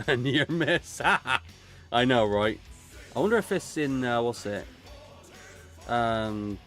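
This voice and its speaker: Guy streaming, swears a lot, rambles on, average pitch, bit of quiet music. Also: animated, slow. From England, Gloucester. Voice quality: sweary, rambling, laughs often. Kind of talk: casual chat while drawing.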